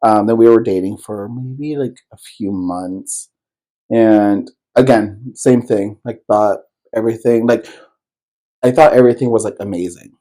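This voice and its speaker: A man's voice: on the low side, a little slow, warm tone, low-quality recording. A man co-hosting a podcast, telling a personal story in loose, rambling casual chat, full of fillers and swearing. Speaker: podcast co-host.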